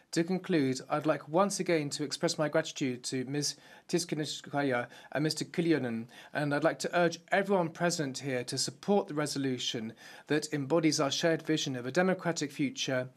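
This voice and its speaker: A man giving a formal, measured simultaneous interpretation of a parliamentary speech. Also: fairly high pitch.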